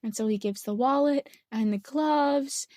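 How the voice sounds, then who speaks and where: Female podcast co-host, high pitch, dry mic; rambling casual recap. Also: a little mellow, no room sound. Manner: rambling, acts out lines in quick voices. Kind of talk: casual chat recapping a film.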